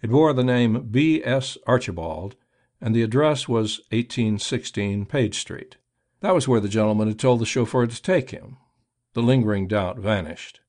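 A man narrates an audiobook in a steady, measured way. His voice sits at a middle pitch and holds an even pace through the reading.

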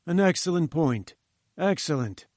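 A haughty older professor holds forth with grand, patronizing emphasis, as a male reader puts him on. The voice sits somewhat high and is recorded close and dry, storybook style. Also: expressive, normal speed, no room sound, lightly acted. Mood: pompous. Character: pompous older male professor, condescending eccentric. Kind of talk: audiobook character voice.

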